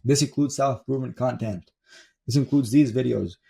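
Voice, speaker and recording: Gravelly, husky young man, profane and blunt. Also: mid-range voice, brisk, mellow. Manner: profane, emphatic, repeats for stress. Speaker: self-improvement coach. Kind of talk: blunt motivational monologue. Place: desk in his room at home.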